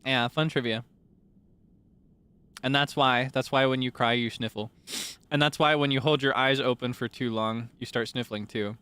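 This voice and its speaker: A man's voice: mid-range voice, fairly even intonation, normal speed, sharp tone, clean tone, no room sound. A man streaming live, chatting playfully with his viewers, teasing them and sharing bits of trivia. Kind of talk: casual livestream chat with viewers.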